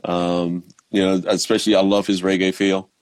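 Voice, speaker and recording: Laid-back guy from baltimore, low voice, lots of ums, dry close sound. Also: moderate pace, dry recording. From Baltimore, Maryland. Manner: laid-back, relaxed, many ums and restarts. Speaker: professional drummer, guest. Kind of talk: casual interview chat.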